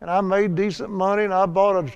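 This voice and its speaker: Older man with a gravelly, high voice. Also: little pitch movement, fast talker, dull audio. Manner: chatty storytelling, laughs at his own tales. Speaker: Bible teacher. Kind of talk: folksy Bible lesson.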